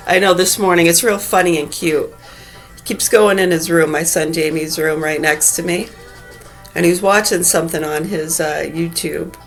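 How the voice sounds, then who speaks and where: A woman with a fairly low voice unloads a furious, profanity-laced rant to camera. She drops into bitter mutters, then bursts out shouting. Faint music plays under her. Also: steady tone, normal speed, rough recording. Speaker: mother ranting to camera. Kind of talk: angry profane rant vlog.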